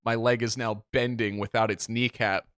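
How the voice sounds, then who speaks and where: A man co-hosts a podcast and tells a story in an animated, self-mocking way, swearing freely. His voice is forceful and bright, set at an average pitch. The recording is close and dry. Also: moderate pace, clean tone, no echo. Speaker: podcast co-host. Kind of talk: casual storytelling chat.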